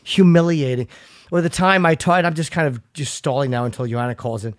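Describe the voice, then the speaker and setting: A man's voice: on the high side, a little fast, no room sound, clean studio sound. A man hosting a podcast, telling rambling self-mocking stories in casual chat and swearing freely. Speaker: podcast host.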